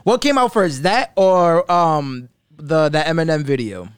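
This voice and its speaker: A man's voice: a little high, expressive, a little slow, smooth, dry recording, studio quality. A man with a New York accent, co-hosting a podcast in loose, profane casual chat. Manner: loose, profane, rambling with restarts. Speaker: podcast co-host.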